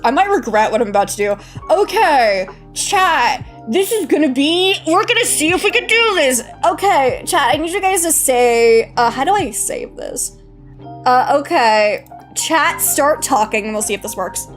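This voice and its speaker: A young woman streamer chatting casually with her live chat, bubbly and giggly, greeting viewers warmly. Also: high voice, animated, unhurried. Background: faint background music.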